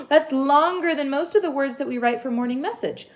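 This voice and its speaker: A young woman giving a home literacy lesson to young children, sounding out words slowly and gently. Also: high voice, noisy background. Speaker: teacher.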